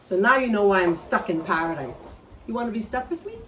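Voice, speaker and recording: A middle-aged Bahamian woman hosts a casual cooking video in her home kitchen, chatting straight to viewers. Her medium-pitched voice is animated and fairly quick. It's captured on a phone camera from a distance with a lot of noise.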